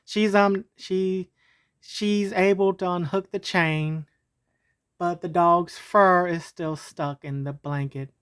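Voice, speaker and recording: Slow, low-voiced woman telling a story. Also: steady tone, smooth. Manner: casual, meandering, with fillers and restarts. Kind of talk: casual storytelling.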